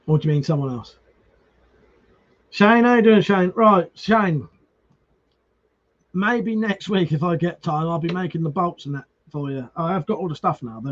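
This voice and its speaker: Over dull lo-fi stream audio with a little hiss or hum, a man with a slightly high voice chats with his viewers. He reads out comments, greets people by name, swears without restraint and keeps restarting words.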